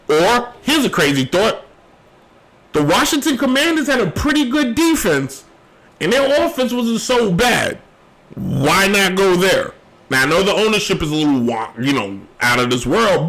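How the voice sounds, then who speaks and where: A man's high, slightly bright voice comes through on a low-quality recording as he hosts his own sports show. Alone on the mic, he pushes rambling, emphatic opinions and repeats his key phrases. He's tired, his voice wearing out after a long day.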